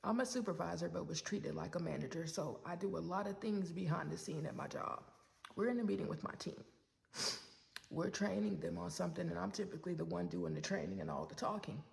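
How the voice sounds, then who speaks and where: Gravelly-voiced woman telling a heartfelt story. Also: on the low side, animated, fairly quick, a little mellow. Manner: heartfelt, talks straight to viewers as "y'all". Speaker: work supervisor sharing a personal story. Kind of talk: emotional storytelling to camera.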